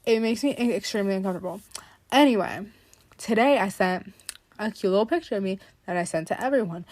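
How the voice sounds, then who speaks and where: A woman's voice: mid-range voice, fairly quick, long pauses, a little mellow, no room sound. Rambling, dramatic young woman podcaster. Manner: rambling, dramatic, laughs often. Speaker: podcast host. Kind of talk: casual podcast monologue.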